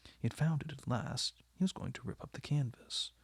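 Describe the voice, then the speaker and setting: Give me a man narrating an audiobook, raspy and dry, measured storytelling. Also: mid-range voice, dry recording. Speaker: audiobook reader.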